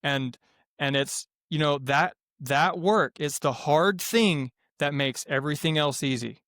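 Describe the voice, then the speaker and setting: Farm guy in a podcast chat, kinda high voice, keeps restarting sentences, dry close mic. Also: measured pace, no echo. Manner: rambling, many restarts, animated when quoting others. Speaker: greenhouse farm owner, guest. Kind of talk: casual podcast interview.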